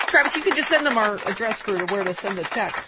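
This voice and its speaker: A woman hosting a political talk radio show, bantering fast with lots of restarts and laughs. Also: medium pitch, dull audio, very noisy. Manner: quick, laughing, restarts a lot.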